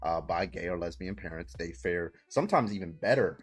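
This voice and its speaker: A man's voice: deep voice, expressive, a little fast, slightly rough, soft background music. A man hosting a livestream debate, citing studies, repeating his question insistently and mocking his opponent. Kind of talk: heated online debate.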